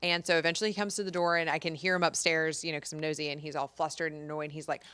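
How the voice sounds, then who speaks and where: A woman in her thirties co-hosting a casual talk show, telling stories with lively acted-out quotes. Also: deep voice, rapid-fire, clear, resonant tone. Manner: animated storyteller, acts out quotes. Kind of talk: casual chat.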